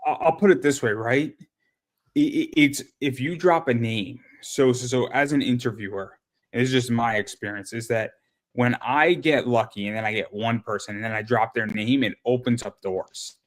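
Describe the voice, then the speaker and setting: A man hosting a casual interview, with a mid-pitched, everyday voice. He rambles and restarts his sentences and stacks repeated words before he lands a point. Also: moderate pace. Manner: rambling, repeats words when starting thoughts. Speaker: interviewer and show host.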